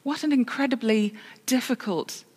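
A woman's voice: a little high, moderate pace, a little mellow, husky. Woman preaching in a reverberant church. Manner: storytelling with self-corrections and dry humour. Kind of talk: sermon.

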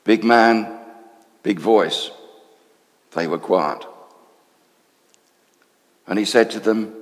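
An actor playing a male temple council member, telling a friend in confiding, animated storytelling what he has seen. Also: on the low side, very slow, in a large hall. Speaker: storyteller in character. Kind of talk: dramatic monologue.

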